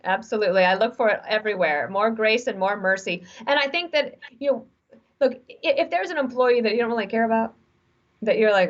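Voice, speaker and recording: A woman in her forties, speaking as an interview guest who gives frank, animated advice through stories. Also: a little high, fairly quick. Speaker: guest author. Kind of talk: conversational interview. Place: remote video call. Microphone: video call mic. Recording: dull lo-fi video call audio.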